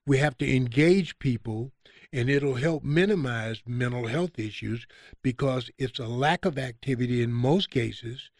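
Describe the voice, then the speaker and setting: Animated man telling lively stories. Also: medium pitch, unhurried, no echo, studio quality. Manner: animated, acts out quoted exchanges in a raised voice. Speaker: guest. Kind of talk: conversational storytelling.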